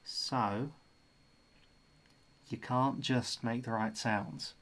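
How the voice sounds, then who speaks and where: An Australian man hosts a relaxed livestream and chats about accents in an unhurried way. His voice sits at an ordinary male pitch, and he takes his time between thoughts. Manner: chatty, muses about accents. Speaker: livestream host. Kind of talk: casual stream chat.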